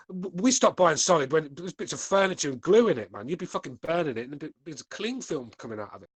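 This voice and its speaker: A man's voice: fairly high pitch, a bit bright, slightly rough, no room sound. A man hosting a podcast, reading live chat with laid-back, crude, mocking banter. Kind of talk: casual live-stream chat.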